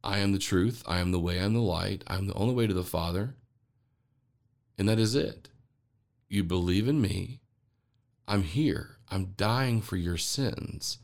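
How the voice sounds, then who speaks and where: A solemn male teacher speaking to his disciples, as a podcaster puts him on, in a lowered, grave voice. He proclaims each line slowly and weightily. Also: creaky, darkish tone.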